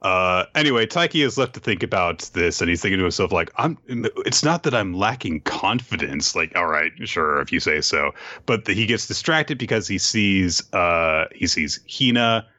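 A man recaps a manga in loose, rambling podcast chat, full of fillers and laughter. His voice sits fairly low with a bright, forward edge. The sound is dry and dull, like a lo-fi mic. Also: lively intonation, normal speed, dry recording. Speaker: podcast co-host.

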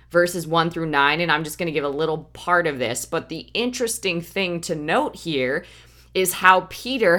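A woman preaching a sermon, reading scripture aloud with dramatic, expressive delivery. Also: fairly low pitch.

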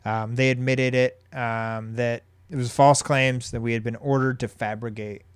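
A man hosting a podcast who tells a story in a rambling casual way, with many pauses and restarts. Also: medium pitch, level tone, smooth, no room sound, studio quality. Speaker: podcast host.

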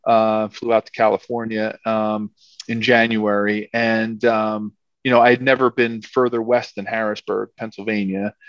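A man's voice: fairly low pitch, little pitch movement, moderate pace, a bit bright, dry recording. A middle-aged man from the area, a former football player telling a casual, rambling story full of "like" and "you know". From Philadelphia area. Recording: slightly dull, dry sound.

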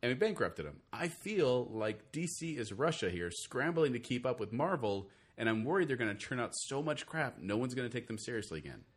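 Man, casual podcast chat, quick delivery, swinging pitch, opinionated. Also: husky. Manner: animated, opinionated, fast-talking. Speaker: podcast co-host.

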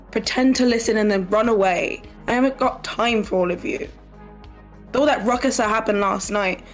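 A woman's voice: fairly high pitch, lightly acted. A cranky old hermit over eighty, drunk and grumbling at the kids on his porch, put on by a woman running a tabletop game. The voice stays near her own. Faint music sits underneath. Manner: gruff, grumbling complaints.

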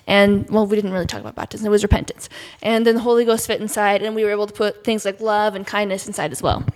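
A woman's voice: mid-range voice, steady tone, fast, darkish tone. A woman on a podcast, telling about a children's lesson in a casual, eager, run-on way.

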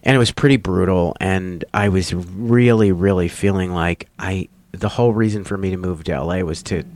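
Male comedian, casual storytelling, animated delivery, dry studio mic. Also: sits low, moderate pace, dry recording. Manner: animated, rising loud when acting out the confrontation. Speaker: comedian guest.

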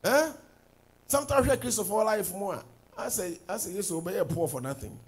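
A man preaching a sermon as pastor, swinging from loud declarations to low asides. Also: very animated, a little fast, husky, rough recording.

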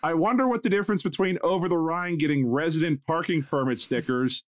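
A man's voice: a little high, a little fast, dry recording. A man co-hosting a podcast, making dry sarcastic jokes in casual chat. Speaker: podcast co-host.

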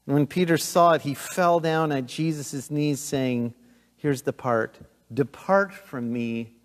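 A middle-aged man preaching a sermon as pastor, earnest and emphatic, swinging between loud urgency and hushed intensity. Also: fairly high pitch. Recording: long hall reverb.

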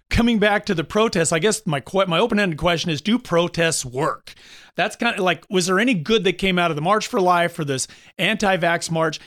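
A man in his fifties hosting a talk show, chatting casually and telling animated stories with mocking impressions of others. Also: sits high. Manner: animated storyteller, mimics others with mocking voices. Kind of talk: casual opinion chat.

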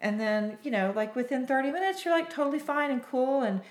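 A woman's voice: sits high, fairly quick. Chatty woman nurse in a roomy room. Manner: chatty, animated, laughs often. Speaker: nurse injector and podcast host. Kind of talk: casual podcast chat. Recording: roomy echo.

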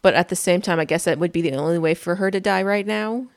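A young woman talks casually in a somewhat low voice, recapping an episode with a friend. She drops dry, sarcastic asides as she goes. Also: quick pace, no echo. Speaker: podcast co-host.

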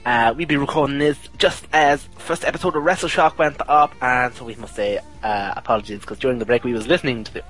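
A man's voice: mid-range voice, fairly even intonation, quick pace, few pauses, fairly bright tone, poor audio. Man, casual podcast co-host, rambling and self-correcting, faint music bed. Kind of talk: casual chat.

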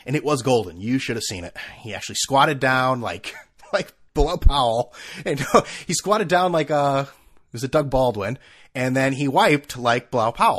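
A man hosting his own podcast at home on a desk microphone, ranting casually with profanity and sarcasm, swinging between low mutters and loud outbursts. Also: lively intonation, moderate pace. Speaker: podcast host. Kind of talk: casual solo podcast rant. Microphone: desk microphone with camera.

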